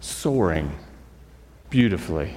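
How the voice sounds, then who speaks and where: A man who is a school chaplain, telling a folk tale in a relaxed, conversational sermon with fillers and asides to the congregation. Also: sits low, takes it slowly. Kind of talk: storytelling sermon. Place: church. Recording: church hall reverb.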